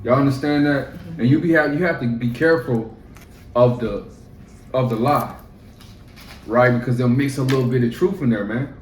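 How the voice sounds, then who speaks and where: A man's voice: mid-range voice, moderate pace, long pauses, reverberant, distant mic, poor audio. Man, class teacher, casual talk, questions to the group, faint background noise. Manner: asks questions of the room, plain casual speech. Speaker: teacher leading a scripture class.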